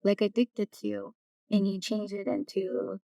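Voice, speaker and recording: A woman, a community knowledge keeper, speaking softly in an interview and searching for her words. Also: medium pitch, flat delivery, a little slow, vocal fry, no room sound. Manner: soft-spoken, searching for words. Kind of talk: casual interview talk. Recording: distant mic, dry room.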